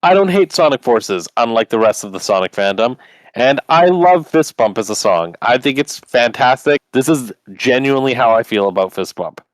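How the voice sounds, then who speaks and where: Male podcast co-host, casual and opinionated, mid-pitched, dry close sound. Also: moderate pace, dry recording. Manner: opinionated, animated, lots of "like". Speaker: podcast co-host running the bracket. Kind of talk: casual chat.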